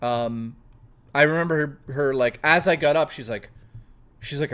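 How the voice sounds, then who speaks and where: Profane, playful male streamer, higher voice. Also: moderate pace, a bit bright, clear, resonant tone. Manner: profane, playful, reads chat aloud. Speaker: live streamer host. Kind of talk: casual live-stream chat with viewers.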